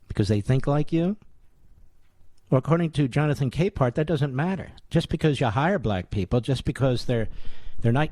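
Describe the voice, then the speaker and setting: A man's voice: medium pitch, darkish tone, no echo. A man in his sixties hosting a radio talk show, giving combative, sarcastic political commentary full of rhetorical questions. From United States. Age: 60s.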